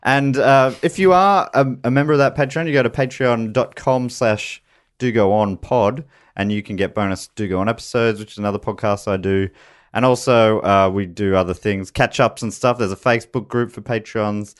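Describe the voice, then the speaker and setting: A man hosting a podcast who rambles through his announcements with lots of ums and uhs. His voice sits fairly low. He chats casually with his guests. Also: moderate pace. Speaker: podcast host. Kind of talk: casual chat.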